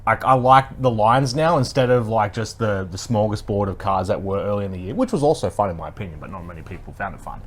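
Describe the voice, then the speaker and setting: A man's voice: lowish voice, animated, quick pace, few pauses. A man co-hosting a casual podcast, making dry quips and talking with enthusiasm about the game. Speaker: podcast co-host.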